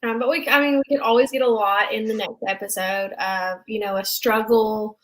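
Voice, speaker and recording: Young woman co-host, bright and excitable, casual recap chat. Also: medium pitch, moderate pace, low-quality recording. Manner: excitable, animated, chatty. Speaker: podcast co-host.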